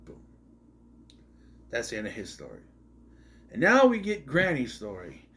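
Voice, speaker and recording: Male reviewer, mid-pitched voice, rambling and sarcastic, casual delivery. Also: wildly swooping pitch, measured pace, fairly bright tone. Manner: rambling, sarcastic, with frequent asides and restarts. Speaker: movie reviewer. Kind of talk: casual spoken movie review.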